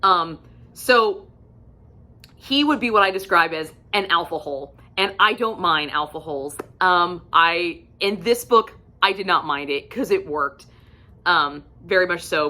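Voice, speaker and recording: A woman casually reviewing books for her vlog, candid and chatty, swearing freely and filling pauses with ums. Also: on the low side, lively intonation, pushed and bright. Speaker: book reviewer.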